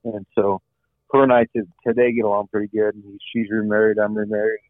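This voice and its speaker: A man's voice: lowish voice, flat delivery, a little fast, no echo. A middle-aged man, an interview guest, telling his own story in an earnest way, repeating phrases and often saying "you know". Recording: dry, phone-like line.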